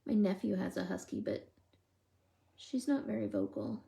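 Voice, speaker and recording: A woman's voice: mid-range voice, big pitch swings, normal speed, vocal fry, dark tone, slightly rough. A woman hosting a live stream, telling funny stories and chatting casually with viewers by name while she colors. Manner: chatty, giggly storyteller, replying to viewers by name.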